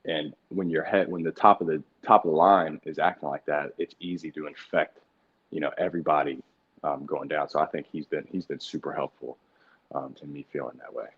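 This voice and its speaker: Deep husky young man, casual and profane. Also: fairly quick, dull audio. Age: young adult. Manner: energetic, profane, many fillers and restarts. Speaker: NFL quarterback guest. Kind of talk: casual interview talk.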